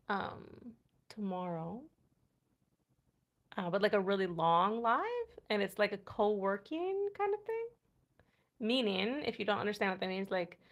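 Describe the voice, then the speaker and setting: Hosting a relaxed night-time livestream from her home in the United States, a woman chats with her viewers, attempts foreign words, and laughs a lot. Her medium-pitched voice sounds pushed and bright.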